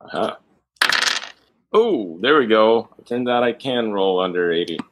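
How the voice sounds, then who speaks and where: Deep-voiced blunt man player. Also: expressive, unhurried. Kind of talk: casual tabletop play. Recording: noisy background.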